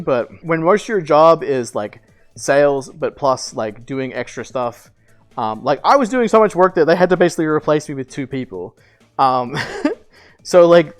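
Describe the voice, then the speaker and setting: A young man streaming, casually telling a long story with lots of "like" fillers, swearing and laughter. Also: fairly high pitch.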